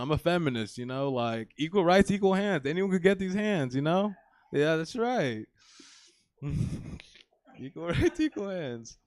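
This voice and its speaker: A man's voice: on the high side, no echo, studio quality. A young man in his twenties doing a live stand-up set on a comedy theater stage, rambling and crude, with plenty of "you know" and "like".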